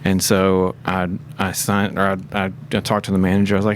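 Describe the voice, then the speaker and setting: A man, a podcast guest telling stories in a rapid, animated way, full of fillers and chuckles, recorded in a studio. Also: sits low, slight background noise. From Tennessee, USA. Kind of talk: casual storytelling in a podcast interview.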